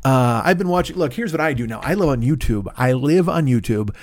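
It's a solo comedy podcast: the male host, at his home-studio desk on a studio microphone, rambles and interrupts himself with sarcastic asides. His medium-pitched voice is expressive and fairly quick.

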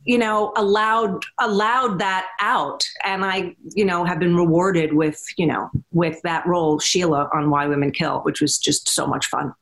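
A middle-aged woman, an actress guest, telling animated behind-the-scenes anecdotes in casual chat, with frequent restarts and acted-out quotes. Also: on the low side, a little slow, few pauses. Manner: animated storyteller, acts out quotes, many restarts.

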